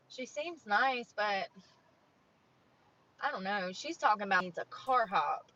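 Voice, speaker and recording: Woman, late 30s, bright tone, frank rambling chat, dull lo-fi stream audio. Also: mid-range voice, expressive, measured pace, long pauses. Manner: plain-spoken, rambling, frank about money. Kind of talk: casual chat to viewers.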